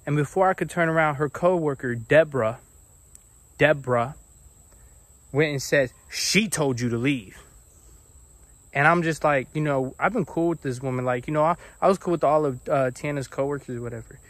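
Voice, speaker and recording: A young man telling a casual storytime about his own life, animated and acting out the people he quotes. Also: fairly high pitch, fairly quick, no room sound. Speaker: vlogger.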